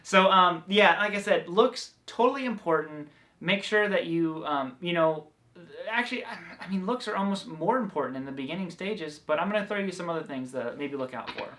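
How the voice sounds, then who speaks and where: A man's voice: sits high, lively intonation, fairly quick, pushed and bright. Southern man, guitar teacher, casual rambling delivery with fillers. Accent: Southern American. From American South. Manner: chatty, loose, full of fillers and restarts. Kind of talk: casual guitar lesson vlog.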